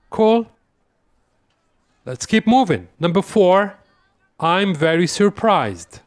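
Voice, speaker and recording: Male English tutor running a quiz lesson: unhurried, repeats examples, fairly high-pitched. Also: animated, clear, resonant tone, no room sound, studio quality. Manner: slow, deliberate, repeats example phrases. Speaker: English teacher. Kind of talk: quiz-style language lesson.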